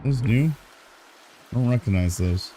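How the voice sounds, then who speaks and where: A drowsy man talks through his game on a live stream, relaxed and thinking aloud between yawns. His voice sits at an everyday middle pitch. A faint hum runs underneath. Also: unhurried. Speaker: gaming streamer. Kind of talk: casual live gameplay commentary. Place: warm room at home.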